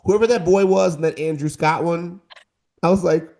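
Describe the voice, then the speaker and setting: A man's voice: on the high side, moderate pace, gravelly, a little mellow. A man co-hosting a casual podcast debate, talking in an emphatic, campy, joking way. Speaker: co-host.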